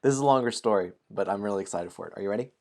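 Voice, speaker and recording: Animated man hosting a game stream. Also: on the low side, fast talker, creaky. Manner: playful, apologetic, laughs often. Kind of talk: casual stream chat and storybook narration.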